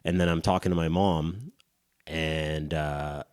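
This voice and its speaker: A man's voice: a bass voice, fairly even intonation, slow pace, darkish tone, smooth, no echo, clean studio sound. A man in his thirties telling a long, rambling story on a podcast, mocking himself and swearing freely. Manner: rambling, self-mocking storyteller with crude humor. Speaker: podcast co-host. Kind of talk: casual storytelling chat.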